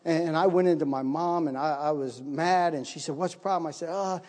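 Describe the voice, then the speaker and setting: A middle-aged man preaching a sermon in a church, telling stories and acting out his own panic in a higher voice. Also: brisk, a little mellow, big-room sound. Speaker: missionary pastor. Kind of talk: sermon with storytelling.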